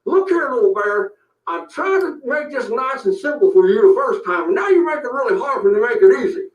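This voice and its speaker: A man's voice: extremely high pitch, expressive, fairly quick. A man voicing a brash, crude self-styled cowboy sheriff in a comedic parody rant, boasting and making blustering threats. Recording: roomy, distant, dull lo-fi sound.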